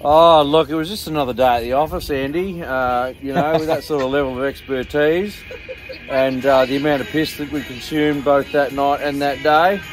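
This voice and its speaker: A man's voice: fairly high pitch, fairly even intonation, moderate pace, faint music behind. A middle-aged Australian man chatting with a friend, laid-back and dry. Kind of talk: casual chat. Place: campsite outdoors at night.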